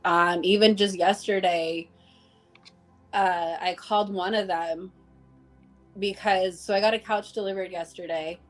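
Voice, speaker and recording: A woman's voice: on the low side, steady tone, measured pace, long pauses, faint music behind. A woman guest in a casual conversation, telling heartfelt stories about coworkers, acting out the dialogue and using plenty of "like.". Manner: heartfelt storytelling, acting out dialogue, many "like" fillers. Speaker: interview guest.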